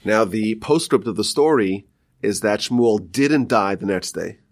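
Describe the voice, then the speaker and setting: A man, a rabbi, teaching a Talmud story with animated storytelling and quoted voices. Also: lowish voice, a little slow.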